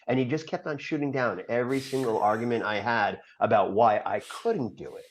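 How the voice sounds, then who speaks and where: A middle-aged man, a podcast guest, telling a long personal story in an earnest, halting way with many fillers. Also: medium pitch. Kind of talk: storytelling interview. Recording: dull lo-fi podcast audio.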